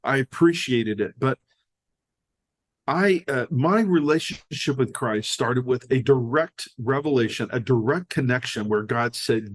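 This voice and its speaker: With a mid-range voice and a slightly slow pace, an older American man chats as a podcast guest. He tells his personal stories with animation, playing out the dialogue.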